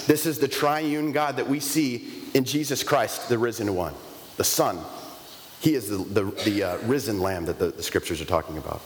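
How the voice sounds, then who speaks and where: A man's voice: medium pitch, moderate pace, a little hiss or hum. A man in his thirties preaching a sermon in a conversational, emphatic way, asking the congregation rhetorical questions from the pulpit of a church. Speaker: pastor. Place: church sanctuary. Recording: long reverb of a large hall, faint ambience.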